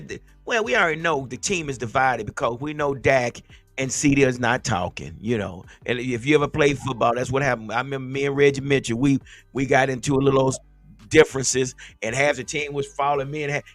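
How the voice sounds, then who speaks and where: A man hosts a sports podcast with heated, unfiltered emphasis, pressing each point hard. His voice sits a bit high and sounds tense and forceful. It is close and dry, with faint music underneath. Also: no room sound. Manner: heated, emphatic, fired-up ranting. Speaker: podcast host and former football player. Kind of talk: casual sports podcast chat.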